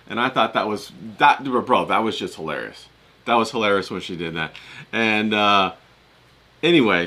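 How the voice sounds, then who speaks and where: A man's voice: mid-range voice, sharp tone. A man talking casually in a vlog, rambling with lots of fillers and folksy turns of phrase. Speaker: vlogger.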